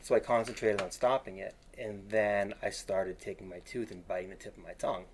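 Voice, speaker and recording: A man's voice: fairly low pitch, steady tone, a little fast, slight background noise. A man in his late thirties, a podcast guest, telling candid stories with a joking edge in casual conversation over a video call.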